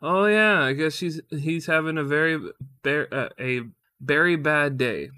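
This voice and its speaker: A man putting on a high, sing-song voice to play his teasing, playful young wife in a story. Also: lively intonation, normal speed, clear, resonant tone, dry recording. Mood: teasing innocent.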